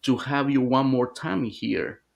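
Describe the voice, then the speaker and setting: A man's voice: mid-range voice, unhurried, vocal fry. A man voicing a courteous otherworldly teacher. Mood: welcoming. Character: otherworldly teacher being, formal and welcoming.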